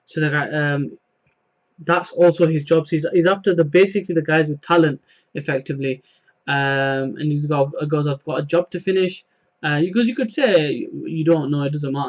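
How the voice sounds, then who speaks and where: A man's voice: fairly high pitch, dull audio. A man casually recapping a manga chapter, rambling with many fillers and retelling the dialogue. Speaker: manga reviewer.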